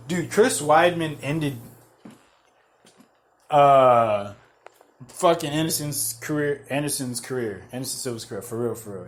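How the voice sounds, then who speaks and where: A man hosting a podcast, rambling in excitable, profane casual chat full of restarts. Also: fairly high pitch, slight background noise. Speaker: podcast host. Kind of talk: casual chat about MMA fights.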